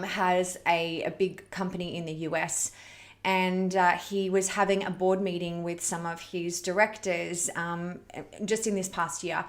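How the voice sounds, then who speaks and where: Middle-aged mum hosting a parenting talk, candid and heartfelt, laughs easily. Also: female voice, medium pitch. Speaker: parenting challenge host. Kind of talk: earnest storytelling talk.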